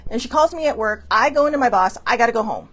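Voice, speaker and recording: Hosting her show in Hawaii, a woman tells a personal story in a loose, rambling, chatty monologue. Her pitch swings widely, and she keeps restarting sentences and using frequent fillers. She's animated and laughs between thoughts.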